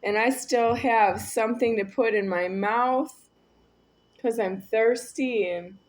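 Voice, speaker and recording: Woman, slow drawn-out delivery, rambling solo monologue, repetitive, quiet then raised. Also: a little high. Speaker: video creator.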